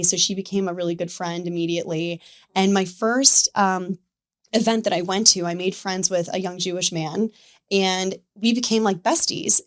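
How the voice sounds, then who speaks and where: A woman in her thirties telling a personal story as a podcast guest, chatty and full of filler words. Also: medium pitch. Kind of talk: casual interview storytelling.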